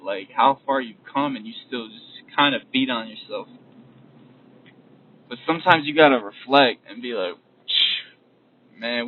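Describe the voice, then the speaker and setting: Road noise hums faintly beneath this distant, lo-fi, phone-like recording of a young man driving and delivering a motivational podcast monologue. His voice is medium-pitched, and his casual talk wanders, repeats, and trails off into fresh starts.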